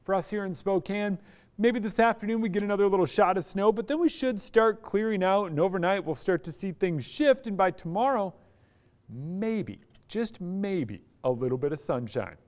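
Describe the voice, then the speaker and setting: A man's voice: high voice, animated, fairly quick. A man presenting a live TV weather forecast in an upbeat, chatty way, explaining weather with everyday comparisons. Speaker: TV meteorologist.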